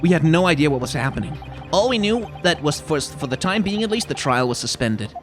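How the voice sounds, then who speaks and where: An earnest young male lawyer from a video game recounts events in measured, storytelling narration. His delivery stays steady and a bit lower than a plain speaking voice, as a man reads him aloud. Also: music in the background. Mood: tense. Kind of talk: let's play voice acting.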